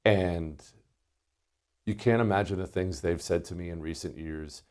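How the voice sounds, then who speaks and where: A man's voice: low-pitched, measured pace, darkish tone. A middle-aged man hosting a political talk show, speaking in an emphatic, indignant commentary monologue. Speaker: radio show host.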